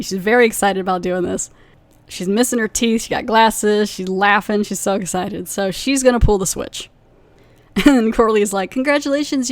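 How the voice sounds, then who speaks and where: A young woman hosts a podcast and talks through an episode recap in a loose, rambling way, full of fillers and asides. Her pitch sits in a middling range, and the recording is dry and close to the mic. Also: darkish tone, no room sound. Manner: rambling, with many fillers and quick acted quotes. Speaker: podcast host reviewing a TV episode.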